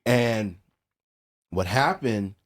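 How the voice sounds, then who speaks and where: A man's voice: fairly low pitch, very slow. A middle-aged man from New Orleans, a music producer guest on a podcast, telling a personal story in casual talk and acting out the quoted dialogue. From New Orleans, USA. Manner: animated storyteller who acts out quoted dialogue, peppered with "bro" and "man".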